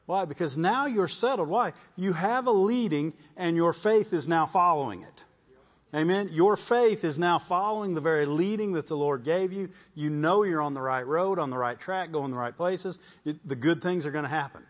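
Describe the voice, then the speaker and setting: A man's voice: a little high, normal speed, lo-fi sound. A man preaching a testimony sermon, repeating his words and calling out "Amen?" to the congregation. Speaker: pastor.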